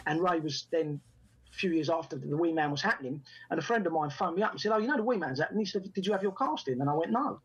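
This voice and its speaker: A man tells anecdotes at a rapid clip in a fairly high, husky voice. He slips into the voices of the people he quotes as he goes. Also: highs cut off. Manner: animated anecdotes, acts out quoted dialogue. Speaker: actor and writer guest. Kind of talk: storytelling in a podcast interview.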